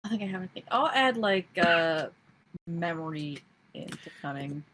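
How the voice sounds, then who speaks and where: Lady player at a tabletop game, kinda low voice, casual and chatty. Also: expressive, moderate pace, a bit bright, a little hiss or hum.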